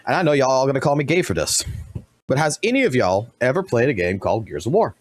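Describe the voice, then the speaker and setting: A man streaming live commentary, blunt and profane, talking fast and animated. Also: medium pitch.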